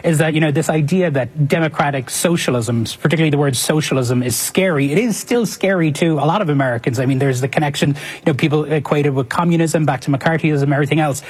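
A man's voice: fairly high pitch, quick pace, hardly any pauses, slightly rough. A man TV reporter answering an interview in a hesitant way, with many fillers, in a played clip.

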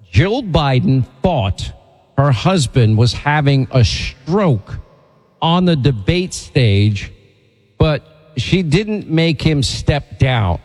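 A man's voice: medium pitch, in a large hall. A man hosting a talk show, telling stories and delivering indignant commentary. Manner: animated, indignant storytelling. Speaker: TV host.

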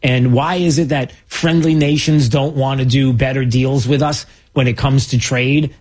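Husky-voiced man hosting talk. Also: mid-range voice, a little mellow. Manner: rambling, mocking, many restarts. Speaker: talk show host. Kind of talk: political commentary.

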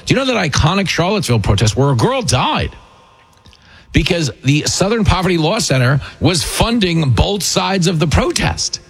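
A man's voice: on the high side, big pitch swings, normal speed, creaky, slightly rough. Sarcastic male talk radio host. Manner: combative, sarcastic, mocking impressions. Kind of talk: opinionated political talk radio monologue.

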